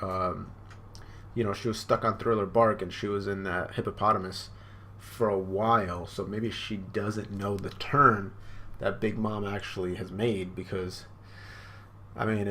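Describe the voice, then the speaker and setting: A man's voice: on the low side, fairly bright tone. A man hosting a live manga reaction, rambling and unsure, with lots of fillers.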